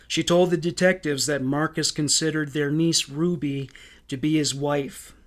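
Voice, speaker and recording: A man's voice: fairly high pitch, steady tone. Somber man narrating true crime. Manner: measured, somber reading.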